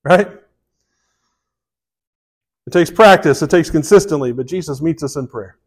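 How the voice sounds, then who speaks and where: A man's voice: on the high side, normal speed, slightly rough. A man preaching a sermon in a folksy, conversational way, with asides and restarts. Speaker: pastor.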